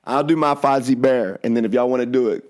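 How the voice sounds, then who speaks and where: Easygoing podcast dad. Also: male voice, medium pitch, quick pace, a little mellow. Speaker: podcast host. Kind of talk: casual family podcast chat. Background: faint music.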